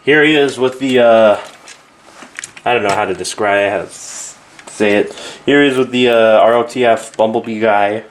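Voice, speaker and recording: With a lowish voice at normal speed, this man talks through a toy review in an offhand, meandering style, frequently fixing what he says mid-sentence. There's slight noise in the background.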